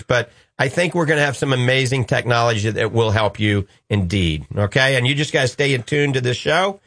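A man's voice: mid-range voice, fairly bright tone, dry recording. New orleans guy hosting a call-in show, jokey and reassuring, dry close mic. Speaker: radio show host. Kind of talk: call-in radio chat.

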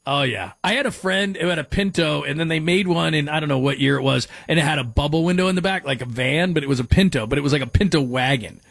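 A man's voice: fairly high pitch, fast, gravelly, hardly any pauses, fairly bright tone, dry recording. A man hosting a sports talk radio show, chatting casually, rambling and breaking off mid-sentence as he reads out listener texts. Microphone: studio microphone.

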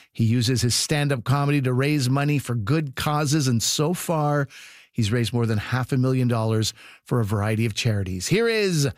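A man hosting a radio comedy show, reading scripted introductions in a smooth announcer manner. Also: mid-range voice, no room sound. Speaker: radio host. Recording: studio voice over music bed.

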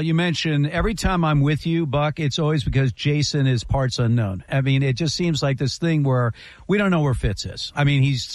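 A man hosting sports radio, telling jokey stories in a casual, animated way. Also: fairly high pitch, no room sound.

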